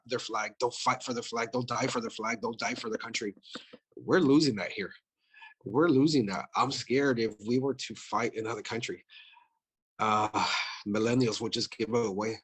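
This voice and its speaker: A man's voice: medium pitch, fairly even intonation, normal speed, husky. A man running for office, talking bluntly and profanely in a casual interview, with lots of "you know" fillers. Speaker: political candidate.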